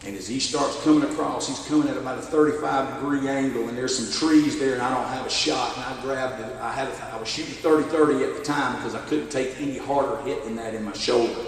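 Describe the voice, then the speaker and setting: A middle-aged man with a Southern US accent, a sheriff telling a story in a keynote speech in an animated, folksy way. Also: mid-range voice, quick pace, hardly any pauses, recorded from a distance. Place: church hall at a benefit dinner. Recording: echoey hall, voice from afar.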